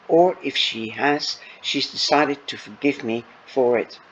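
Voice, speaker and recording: A man reading a novel aloud in the first person, unhurried with small stumbles. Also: medium pitch, lo-fi sound, a little hiss or hum. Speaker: audiobook reader. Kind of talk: first-person audiobook narration.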